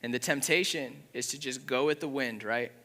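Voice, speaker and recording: A young man preaching a sermon in an earnest, conversational way, with a father's warmth. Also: mid-range voice, normal speed. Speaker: pastor.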